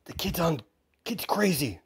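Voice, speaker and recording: A man doing a frightened crook, his voice pushed up high and jittery as he pleads. The delivery is loose and unscripted, like a story told aloud. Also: very animated, a little slow, slightly rough, heavily acted. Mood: nervous.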